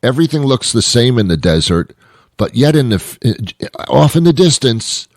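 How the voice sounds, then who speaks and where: A medium-pitched, slightly mellow male voice swings widely in pitch at a normal speed, recorded cleanly in a studio with no room sound. He's hosting his own show, rambling through a comic monologue loaded with wry asides and self-interruptions.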